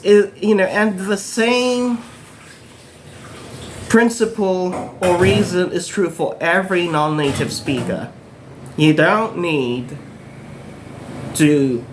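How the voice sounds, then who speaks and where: A man from the Philippines in his thirties talks in a high voice, with a little hiss or hum audible. Facing the camera with a Filipino accent, he sincerely encourages people learning English, repeating things for emphasis.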